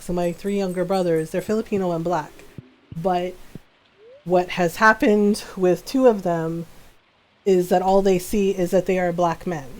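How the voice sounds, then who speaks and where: A woman's voice: medium pitch, darkish tone, low-quality recording. A middle-aged woman game streamer, telling family stories in casual chat and laughing often. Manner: chatty storyteller who laughs often.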